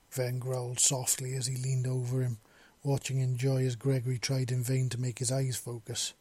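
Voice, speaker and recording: A man narrating a romance story in a quiet, intimate reading. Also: mid-range voice, monotone, moderate pace, hardly any pauses, breathy edge, dry recording.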